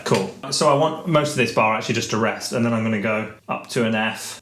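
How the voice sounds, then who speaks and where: A man's voice: medium pitch, expressive, moderate pace, hardly any pauses, roomy sound. A music teacher thinking aloud as he writes a jazz solo, humming and scatting the rhythms in a casual way. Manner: hums and scats the rhythms, talks casually.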